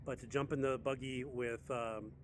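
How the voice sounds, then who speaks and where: American man, 60s, medic, chatty animated storyteller, middle pitch, faint background noise. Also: moderate pace. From United States. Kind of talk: casual storytelling.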